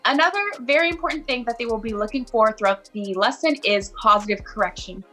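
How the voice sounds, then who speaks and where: Upbeat woman teaching mentor, slightly high, bright tone, faint music under. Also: fast. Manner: upbeat, encouraging. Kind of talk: instructional video chat.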